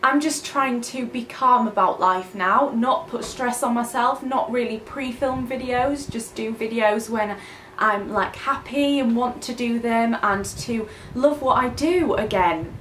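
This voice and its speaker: A woman's voice: a little high, a little slow, a bit bright, echoey room, a little hiss or hum. A young woman talking openly and a little hesitantly in a casual confessional vlog. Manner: open, emotional, hesitant. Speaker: vlogger.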